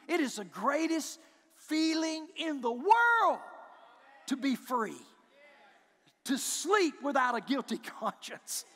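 A male pastor preaching in a church sanctuary, his voice very high and ringing bright. He swings from quiet, intent passages to shouted, repeated declarations. A long reverb trails each phrase through the hall. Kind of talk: sermon.

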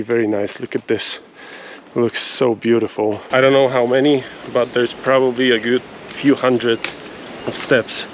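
A man's voice: medium pitch, slight background noise, low-quality recording. A man talking casually as a travel vlogger on a trail near a waterfall, chatty and upbeat, laughing often, on a handheld camera. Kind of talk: casual vlog narration.

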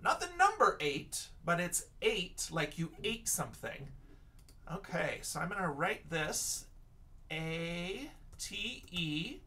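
Slow, lively male teacher. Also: sits high, distant mic. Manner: patient, encouraging, sounds out words letter by letter. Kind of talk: online lesson for young children.

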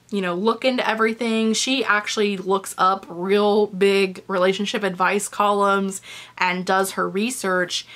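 A woman's voice: mid-range voice, a bit bright. Chatty young woman reviewing books. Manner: chatty and candid, swears casually, emotional. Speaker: book reviewer. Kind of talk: casual book review vlog.

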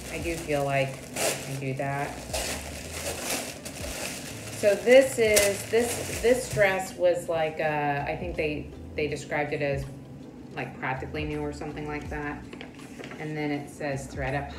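A woman with a low voice vlogs casually and chattily, speaking slowly with long pauses and thinking aloud, sometimes dropping to a whisper. She's in an echoey room with music and other background noise behind her.

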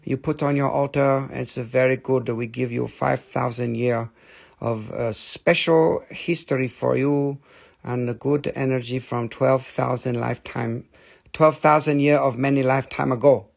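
Pushy crystal seller with a mock Chinese accent, a man putting it on; clipped sales patter, gravelly. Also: medium pitch, fairly even intonation, unhurried, voice pushed down. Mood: salesy. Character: pushy middle-aged male crystal seller, broken English.

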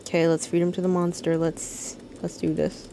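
An American woman streams a game, rambling, swearing freely and casually, and reading her chat aloud as she answers it. Her voice sits fairly low with little pitch movement, a warm tone and a normal speed. There's slight background noise in this chatty live-stream commentary.

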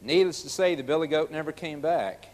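A man's voice: fairly high pitch, fairly quick, darkish tone, big-room sound. A male preacher delivering a sermon in an emphatic, folksy manner, addressing the listeners directly.

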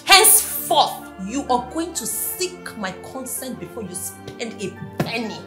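A woman's voice: a little high, big pitch swings, unhurried, echoey room, music in the background. An actress playing a scornful, sarcastic young woman with a Nigerian accent, scolding her idle boyfriend.

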